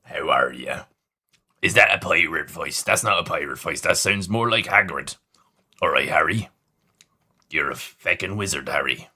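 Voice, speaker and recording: A man doing an impression of a gruff, friendly giant from a fantasy film. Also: rumbling low, animated, moderate pace, long pauses, pushed and bright, pitched below the performer's own voice, exaggerated voice. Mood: hearty.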